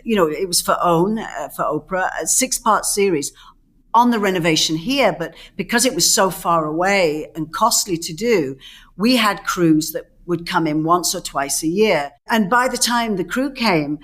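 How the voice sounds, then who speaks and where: On the low side and at a moderate pace, a middle-aged woman co-hosting a casual conversation spins lively stories. She acts out what people said and restarts her sentences many times.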